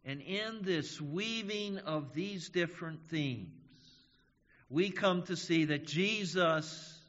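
A male pastor preaching a sermon, slow and measured, stressing key words with emphasis. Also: on the high side, a bit bright. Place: church sanctuary. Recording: dull audio in a reverberant hall.

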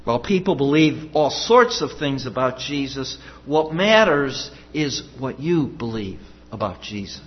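Man, sermon, emphatic, slow delivery, dull lo-fi recording. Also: mid-range voice, animated, husky. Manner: earnest, emphatic, repeats key questions. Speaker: pastor. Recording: dull sound with long hall reverb.

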